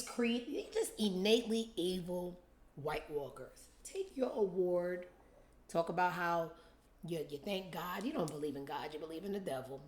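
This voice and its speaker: A woman's voice: on the low side, lively intonation, moderate pace, darkish tone. A woman hosting a commentary show, ranting in a blunt, scornful way. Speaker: show host. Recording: roomy echo.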